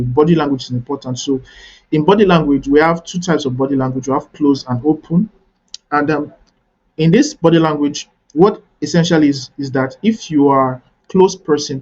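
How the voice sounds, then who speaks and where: A networking coach teaches a webinar instructively, repeating his points and frequently checking in with "right?" His voice is a little high, husky, and a little mellow, and the audio sounds dull and lo-fi.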